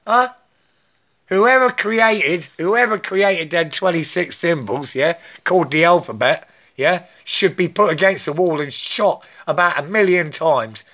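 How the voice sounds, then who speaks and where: Pushed and bright, this man's voice sits high as he swears his way through a wandering spiritual monologue. He's in his late fifties, repeats himself, and keeps tacking on "yeah?".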